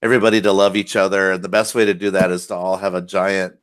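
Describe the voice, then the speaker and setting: A man co-hosting a casual podcast, chatty and quick to laugh, swearing casually. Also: deep voice, little pitch movement, slight background noise. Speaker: podcast co-host. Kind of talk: casual chat.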